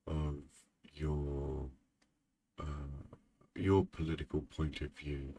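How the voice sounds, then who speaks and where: Very deep, husky, slow-talking man. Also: darkish tone. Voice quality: deep groggy morning voice. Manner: rambling, drowsy, dry asides. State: short on sleep. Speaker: gaming channel host. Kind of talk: casual morning vlog chat.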